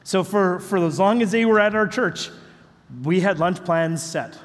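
A male pastor telling a story in a sermon, animated, acting out the voices of the people in it. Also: high voice, measured pace. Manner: animated, acts out quoted voices. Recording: long hall reverb.

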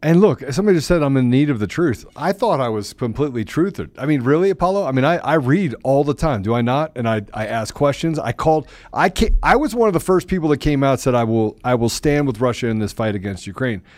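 A man hosting a talk show, animated and self-mocking. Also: a little high, fast talker, hardly any pauses, no room sound. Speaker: host. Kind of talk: casual talk show conversation.

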